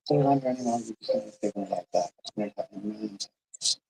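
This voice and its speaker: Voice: medium pitch, fairly quick, vocal fry, dark tone, breathy edge, low-quality recording. A speaker on a live panel chat, talking in a rambling, emphatic way.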